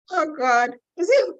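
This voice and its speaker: A woman's voice: extremely high pitch, no room sound, muffled recording. A woman with a Nigerian accent hosting a casual live stream, reading out viewer questions and answering them frankly, with some teasing.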